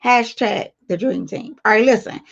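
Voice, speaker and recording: A woman's voice: mid-range voice, normal speed, vocal fry. A woman hosting a casual livestream, reading viewer comments aloud and talking straight to her viewers in a blunt, playful way. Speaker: livestream host. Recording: dull lo-fi stream audio.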